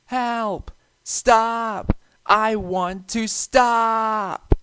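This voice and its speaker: A man voicing a proud, hot-tempered young male steam engine, indignant and then shouting in panic. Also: on the high side, expressive, a little slow, a little hiss or hum, pitched above the performer's own voice. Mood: panicked.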